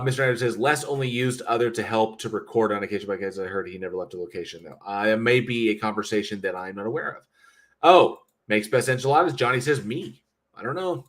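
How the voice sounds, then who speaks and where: A man's voice: fairly low pitch, a bit bright. A middle-aged man hosting a livestream, chatting casually and rambling as he reads viewer comments aloud, with frequent swearing and chuckles. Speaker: livestream host.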